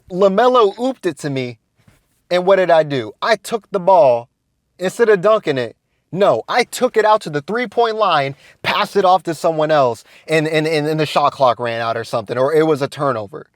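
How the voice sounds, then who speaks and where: A young man vlogging casually, telling a story in a rambling, slang-heavy way that swings between hushed and excited. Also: on the high side, unhurried, dry recording, clean studio sound. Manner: slangy, rambling, peppered with "you feel me" and "whatnot".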